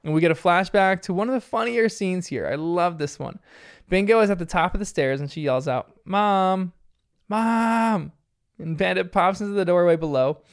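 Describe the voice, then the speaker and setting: A man's voice: sits high, a little fast, clear, resonant tone. A man casually recapping a cartoon episode in a chatty, rambling way, with lots of filler words. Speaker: show recapper.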